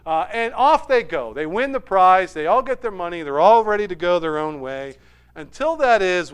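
A man retelling a movie story in an animated sermon style, swinging between loud bursts and hushed asides. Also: high-pitched, moderate pace, smooth. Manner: animated retelling with sudden soft drops.

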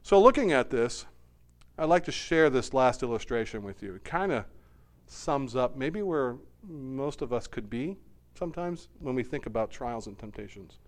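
A man preaching a sermon as a pastor, speaking earnestly and slowing down for emphasis. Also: mid-range voice, lively intonation.

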